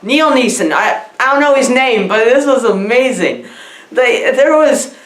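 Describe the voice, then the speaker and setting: Woman, comic movie review, rambling, dim-witted, giggly, lively pitch, echoey room. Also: unhurried. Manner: dim-witted, giggly, meandering, acts out the characters.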